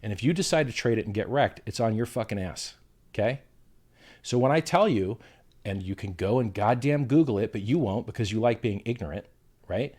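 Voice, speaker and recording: A man's voice: lowish voice, animated, fairly quick, a little mellow, husky. A man being interviewed on a livestream, combative and profane, who hurls insults while defending himself. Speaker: interview guest.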